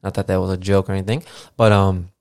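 A man with a low, darkish, clean voice and vocal fry talks fast in a flat delivery, hosting a casual solo podcast. He rambles with plenty of fillers and offhand swearing into a studio mic through a podcast mixer, with no room sound.

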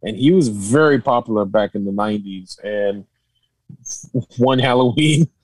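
A man's voice: on the low side, normal speed, no echo, poor audio. A man from Hawaii, a podcast guest, telling stories in a laid-back, slangy way with laughs. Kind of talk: casual podcast chat.

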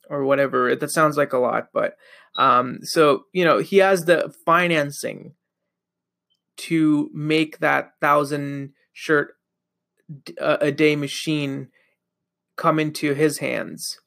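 Young man, podcast host, gravelly voice, slightly high pitch, rambling casual talk, lots of fillers, a bit sleepy. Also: fairly bright tone. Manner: rambling, loose, many fillers. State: sleepy, yawning. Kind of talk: casual solo monologue.

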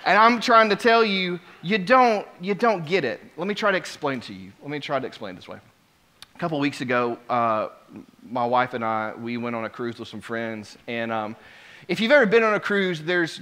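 A man preaching a sermon, telling a story with lively swings between quiet asides and loud exclamations. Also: fairly high pitch. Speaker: pastor.

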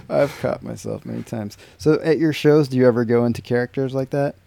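A man's voice: medium pitch, normal speed, creaky, warm tone. A man hosting a casual podcast, asking easygoing, teasing questions. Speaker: podcast host.

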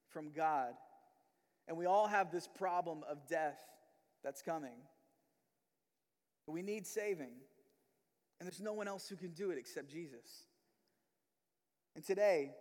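A man's voice: on the high side, long reverb tail. A man giving a sermon as pastor in a church, talking conversationally and acting out quoted prayers and voices. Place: church sanctuary.

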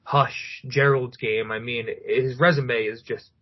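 A man's voice: medium pitch, fairly even intonation, a little slow. Enthusiastic male podcast co-host, lo-fi. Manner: enthusiastic, hedging with ums. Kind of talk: casual chat. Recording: dull lo-fi sound.

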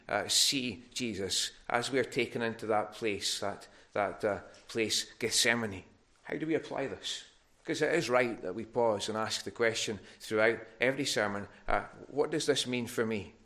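A man's voice: mid-range voice, moderate pace, fairly bright tone. A man preaching a sermon in a church, earnest and given to restarts, rising in force on his appeals. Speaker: pastor.

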